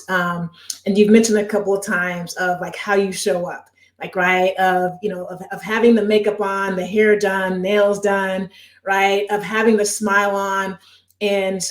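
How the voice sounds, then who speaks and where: A woman hosts a podcast interview in a mid-range voice, asking thoughtful, reflective questions. She often tags her points with a questioning "right?". Her voice carries a noticeable echo from the room. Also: mid-range voice. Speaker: podcast host. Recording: echoey room.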